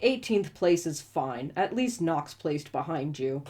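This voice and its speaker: A woman reading the lines of a calm, dry young male guard captain in a matter-of-fact tone. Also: on the high side, measured pace. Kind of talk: read-aloud dialogue.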